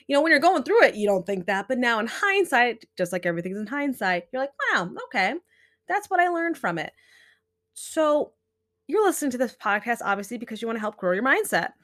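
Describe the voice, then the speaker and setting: A woman's voice: fairly high pitch, a bit bright. A young adult woman hosting a podcast, giving earnest, chatty self-help talk full of "you know" and "right". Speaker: podcast host.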